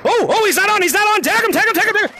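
A man hosting a virtual reality game lobby on a live stream, shouting callouts, repeating himself and laughing often as he plays at home. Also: very high-pitched, expressive, very fast, creaky. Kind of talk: excited live gameplay commentary. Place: at home playing in VR.

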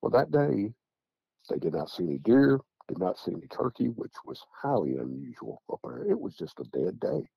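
A man's voice: on the low side, sing-song, moderate pace, vocal fry, husky, dry recording. A middle-aged man from Tennessee with a Southern accent, casually recounting a story and repeating "I said" and "he said" as he rambles on. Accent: Southern American. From Tennessee, USA. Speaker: guest recounting encounters. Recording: dull, dry lo-fi audio.

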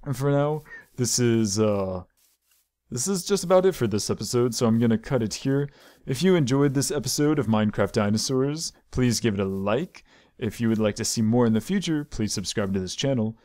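A man in the middle of a game, chatting along as he plays. His talk is loose and playful, and he keeps breaking off to coax and scold the animals on screen. His voice sits at an ordinary middle pitch. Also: a little mellow, no room sound. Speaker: gaming channel host. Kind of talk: gameplay commentary.

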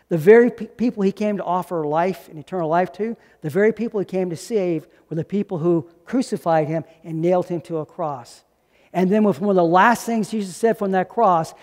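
A man's voice: sits high, warm tone, in a large hall. A male pastor preaching a sermon, asking rhetorical questions and repeating key lines for emphasis.

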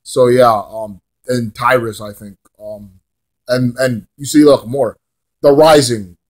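A young man ranting casually to camera about wrestling, profane and rambling, swinging between loud outbursts and mumbling. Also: mid-range voice, fairly even intonation, slow pace. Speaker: wrestling vlogger.

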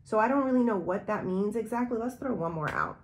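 A woman's voice: medium pitch, lively intonation, a little fast, background noise. A woman giving a tarot reading, talking straight to the viewer in a rambling, intuitive way. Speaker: tarot reader.

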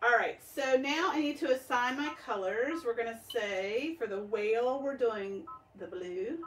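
A woman's voice: on the high side, a little slow. Chatty Southern woman, distant from the mic. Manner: chatty, talks to viewers as y'all while sewing. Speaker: embroidery shop owner livestreaming her work. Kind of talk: casual live-stream chat while working. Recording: distant mic with loud sewing machine noise.

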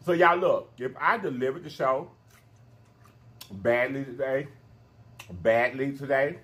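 A man hosting a mukbang vlog, talking straight to his viewers in an animated, emphatic way and repeating his phrases for effect. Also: mid-range voice, normal speed, long pauses. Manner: emphatic, preachy encouragement. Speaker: mukbang channel host. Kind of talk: casual vlog sign-off talk.

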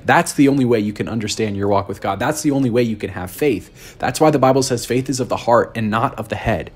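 A man's voice: medium pitch, husky. A man hosting a reaction video, earnestly exhorting the viewer directly in a preachy commentary. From United States. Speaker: host reacting to a clip.

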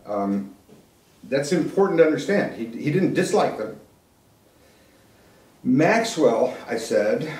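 A man's voice: medium pitch, big pitch swings, takes it slowly, pauses often, a little mellow. Older man telling a story in an echoey room. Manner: conversational, acts out quoted dialogue. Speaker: keynote speaker. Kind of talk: storytelling talk. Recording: echoey room, voice from some distance.

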